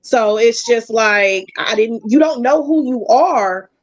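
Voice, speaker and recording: A woman guest chatting casually, telling a personal story in animated bursts. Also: a little high, slow, no echo. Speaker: podcast guest. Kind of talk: casual chat. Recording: dull, dry lo-fi sound.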